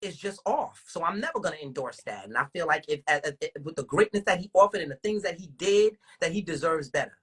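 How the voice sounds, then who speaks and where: A woman with a husky voice, hosting a casual livestream and ranting in animated, profane talk full of rhetorical questions. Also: deep voice, a little fast, few pauses. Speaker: livestream host.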